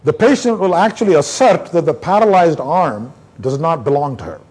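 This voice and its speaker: A male neurologist from India giving a conference lecture, an animated storyteller who acts out the back-and-forth between doctor and patient. His voice sits fairly high for a man and has a husky edge. His pitch rises and falls widely from line to line. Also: normal speed. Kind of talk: conference lecture with case anecdotes.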